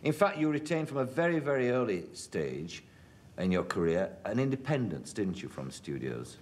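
A man interviewing a guest on television, asking measured, long-winded questions. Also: on the low side, sing-song. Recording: faint background noise, 1970s television interview.

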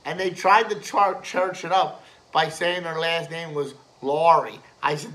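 Male ranter, high bright voice, slow unhurried delivery, crude and rambling, filler-laden. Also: rough recording. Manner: swears constantly, filler-heavy, laughs at own jokes. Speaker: host ranting to camera. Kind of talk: profane rambling rant.

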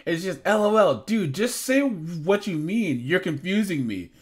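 A man's voice: high voice, big pitch swings, measured pace, husky. A young man hosting a casual reaction commentary, amused and incredulous, often laughing as he reads out chat logs. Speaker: commentary channel host.

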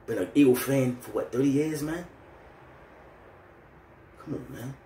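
A fired-up man in his thirties goes on a heated fan rant, loose and slangy. His Philly is clear, and his mid-pitched voice rings in an echoey room. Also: expressive, a little slow, mellow, a little hiss or hum. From Philadelphia. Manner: heated, ranting, street slang. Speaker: vlogger.

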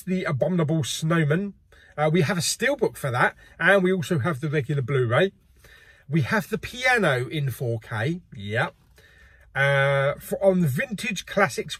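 Husky, chatty man. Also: on the high side, lively intonation, measured pace, fairly bright tone, dry recording. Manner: chatty and jokey, laughs often. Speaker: host. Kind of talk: casual chat.

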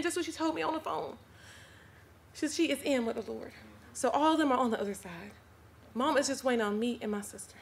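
A woman with a high voice gives an emotional testimony before a church congregation. She talks to them directly, earnest and heartfelt throughout. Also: a little fast, a little hiss or hum. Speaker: church member giving testimony.

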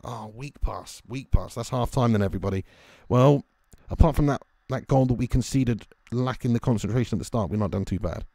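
Excitable man streaming a football game. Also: mid-range voice, brisk, vocal fry, few pauses, no echo. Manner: excitable, swears, shouts at players, greets viewers. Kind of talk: live game commentary and chat shout-outs.

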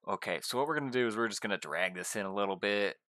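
A young man giving casual gameplay commentary, gushing excitedly and talking straight to his viewers. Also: fairly low pitch, racing, no echo, clean studio sound. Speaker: gaming YouTuber.

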